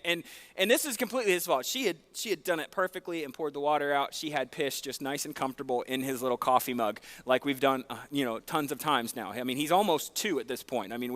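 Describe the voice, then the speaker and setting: A man preaching, telling a long, animated, self-deprecating story with lots of fillers in a church. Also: mid-range voice. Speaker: pastor. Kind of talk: sermon storytelling. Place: church sanctuary.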